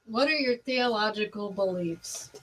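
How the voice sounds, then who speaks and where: A woman's voice: mid-range voice, a little slow, a bit bright, rough recording. A woman co-hosting a casual livestream, reading out questions and adding dry, brief remarks. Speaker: co-host reading viewer questions.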